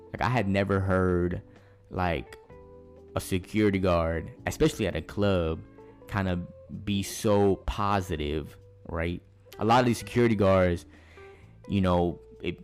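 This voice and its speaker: A young man talks loosely into the mic, hosting his own podcast. He rambles, swears freely and drops slang every few words. A faint guitar plays underneath. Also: low-pitched. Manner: rambling, profane, slangy, full of "bruh". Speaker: podcast host. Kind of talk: casual monologue storytelling.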